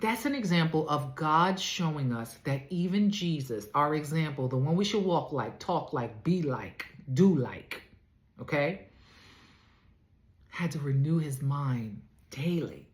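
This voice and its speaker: Emphatic, lively woman life coach. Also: low voice, a little slow, echoey room. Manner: emphatic, preacherly, talks straight to listeners. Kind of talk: faith-based motivational teaching.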